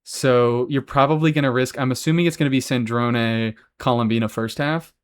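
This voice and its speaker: Guy streaming games, chill chatty voice, cursing casually, average pitch. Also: steady tone, normal speed, clear, resonant tone. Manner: chatty, swears freely, answers chat. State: has hiccups. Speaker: game streamer. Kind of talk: casual live-stream chat.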